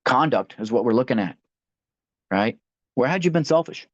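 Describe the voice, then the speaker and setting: Speaking at normal speed in an expressive, mid-range voice, a man works through a recovery book line by line. He keeps it conversational, restarting phrases as he reads aloud, and the recording has no room sound, with dull, dry, lo-fi quality.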